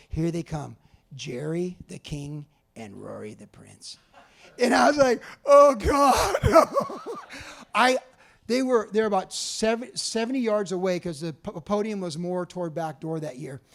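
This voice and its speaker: A man in his sixties from California, telling lively stories at a museum talk and acting out other people's lines. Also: high voice, normal speed, creaky. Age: 60s. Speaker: author giving a talk. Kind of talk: storytelling presentation. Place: museum talk before an audience.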